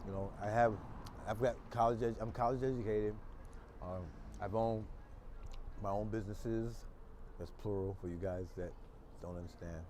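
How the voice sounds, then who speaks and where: Loud joking older man on the street. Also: on the low side, fairly even intonation, moderate pace, long pauses. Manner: loud, joking, rambling storyteller. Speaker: local street personality. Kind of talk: casual chat while walking the street. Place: city street outdoors. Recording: outdoor street noise, traffic.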